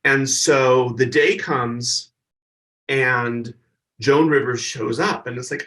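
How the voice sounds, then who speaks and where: A man's voice: medium pitch, fairly even intonation, slow, sharp tone, distant mic, rough recording. A male stand-up comedian, a podcast guest, animatedly telling an anecdote and acting out other people's voices.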